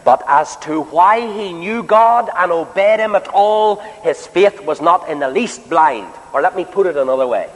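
A man delivering a sermon in a fairly high, very animated voice that rises and dips constantly. He drives his points home with emphatic repetition and rhetorical questions to the congregation. The recording carries a long hall reverb. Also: normal speed, hardly any pauses. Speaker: preacher.

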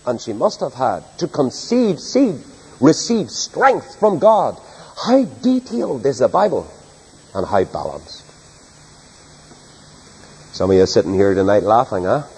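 A man's voice: mid-range voice, sing-song, unhurried, pauses often, darkish tone, husky. A man preaching an evening sermon in church, reading scripture aloud with emphatic, dramatic delivery. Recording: long reverb of a large hall.

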